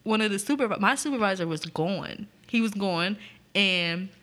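Bright-voiced woman telling a wild story. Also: mid-range voice, moderate pace. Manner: profane, animated, laughs a lot. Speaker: podcast co-host. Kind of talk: storytelling in casual chat.

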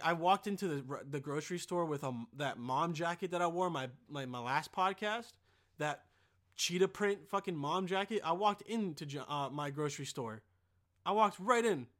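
A young man hosting a podcast in a casual, rambling monologue, profane and excitable, with sudden loud bursts. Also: fairly high pitch. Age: young adult. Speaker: podcast host.

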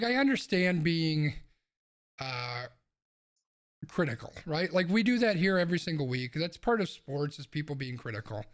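Fired-up ranting man, slightly high voice. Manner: heated, swearing, ranting. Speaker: podcast co-host. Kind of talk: casual sports chat. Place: home room with windows open.

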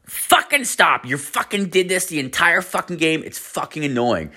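Man doing a high, shrill, angry drunk woman scolding someone, profane and nagging. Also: expressive, normal speed, sharp tone, heavily acted.

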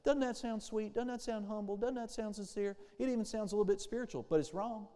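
Preaching at a quick pace, a pastor with a high, mellow voice calls out for amens and mimics the people he quotes. The hall gives his words a long, trailing reverb.

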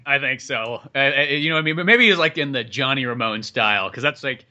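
Bright-voiced man, loose laughing podcast chat. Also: medium pitch, a little fast. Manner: loose, laughing, swearing, filler-heavy. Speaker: podcast co-host or guest. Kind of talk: casual chat.

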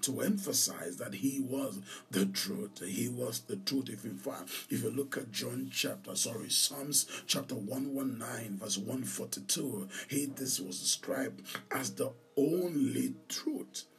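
A man's voice: medium pitch, measured pace, distant mic. A man preaching a sermon, emphatic and repeating key phrases for stress.

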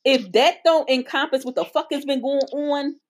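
A woman co-hosting a podcast, chatting casually in a profane, animated storytelling manner. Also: high voice, moderate pace. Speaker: podcast co-host. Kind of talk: casual chat.

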